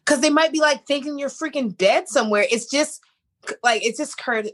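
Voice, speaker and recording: A woman talking bluntly and with animated indignation in a casual conversation. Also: sits high, moderate pace. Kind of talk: casual chat.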